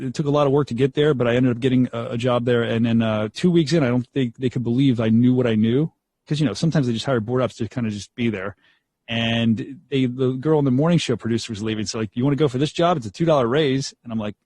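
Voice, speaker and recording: Fast-talking radio DJ man. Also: mid-range voice, slightly rough, no echo. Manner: animated, acts out quotes, laughs often. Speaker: radio DJ guest. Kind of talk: storytelling interview.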